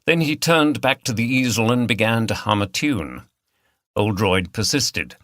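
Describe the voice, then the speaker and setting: A male narrator reads a mystery novel in a measured, even storytelling style. His voice sits on the low side. The recording is dry and close, with no room sound. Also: dry recording. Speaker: audiobook narrator. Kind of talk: scripted narration.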